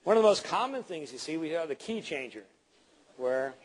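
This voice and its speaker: A man's voice: on the high side, fairly quick, slightly rough. Playful man teaching a live seminar. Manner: animated, playful, acts out examples. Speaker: presentation skills trainer.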